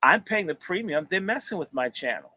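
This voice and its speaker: A man's voice: on the high side, sing-song, brisk, bright, forceful tone, slight background noise. A man hosting a livestream, talking in a rambling, profane, sermon-like way. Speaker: host and minister. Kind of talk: preacherly livestream talk.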